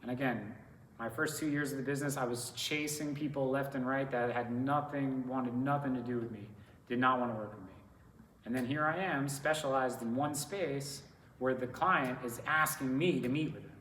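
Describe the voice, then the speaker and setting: A man's voice: mid-range voice, normal speed, a bit bright. A man speaking as a sales director to students, telling stories in a casual, conversational way full of filler words. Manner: conversational, many fillers like "like" and "you know". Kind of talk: casual storytelling talk to students. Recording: roomy and distant with faint noise.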